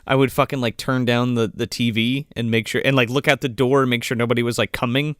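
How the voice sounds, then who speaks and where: A man's voice: medium pitch, quick pace, clean tone, no echo, studio quality. A man co-hosting a podcast, chatting casually about a film and acting out scenes, swearing freely. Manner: animated, swearing, acts out movie scenes. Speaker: podcast co-host. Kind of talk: casual movie review chat.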